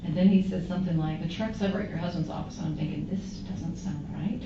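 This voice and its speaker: A woman questioned by police, recounting past events in a rambling, animated way full of quoted dialogue. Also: medium pitch, a little fast. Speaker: witness interviewed by police. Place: police interview room. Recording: roomy, muffled, noisy, distant interview room recording.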